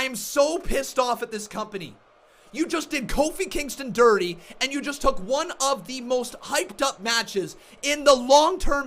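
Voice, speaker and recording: Very high, bright-voiced man ranting furiously. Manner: furious, swearing, repeating himself. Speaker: wrestling reaction vlogger. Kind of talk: shouted angry rant.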